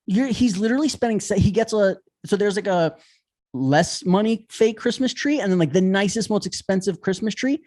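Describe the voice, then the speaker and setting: A man co-hosting a podcast, telling a story in an animated, ranting way with lots of swearing. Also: high-pitched, moderate pace. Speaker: podcast co-host. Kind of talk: casual chat.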